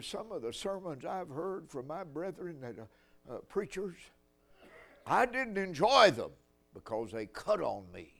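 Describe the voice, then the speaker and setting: An older man preaching a sermon, telling folksy stories with dry humor. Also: on the high side.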